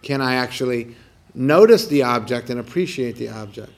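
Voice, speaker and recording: A man who teaches meditation, guiding a mindfulness practice outdoors in a calm, gentle, unhurried way with soft, repeated questions. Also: medium pitch, vocal fry. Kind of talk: guided meditation talk. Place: outdoors on a morning walk.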